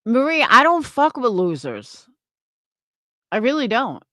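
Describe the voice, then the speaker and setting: A young woman vents on her stream in an angry, scornful, profane rant. Her pitch swings widely from high outbursts to low mutters. The recording is dry and close. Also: sing-song, unhurried, sharp tone, no echo. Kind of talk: livestream reaction rant.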